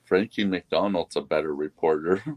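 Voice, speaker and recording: A man's voice: low voice, fairly even intonation, normal speed, darkish tone, no echo. A man in casual chat, laid-back and mostly giving short replies.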